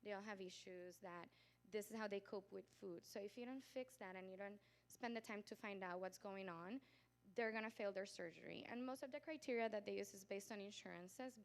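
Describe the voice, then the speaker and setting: A woman doctor giving a lively conference lecture, acting out patients and relatives and laughing often. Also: mid-range voice. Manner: animated storyteller, acts out patients and family; laughs often, talks with growing volume. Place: conference hall.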